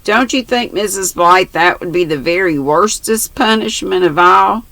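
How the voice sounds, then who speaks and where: An older woman reading aloud puts on a grave little boy, shy but blunt, telling things in earnest. The voice stays gravelly and bright, and the words come slowly. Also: on the low side, dry recording, voice pushed up.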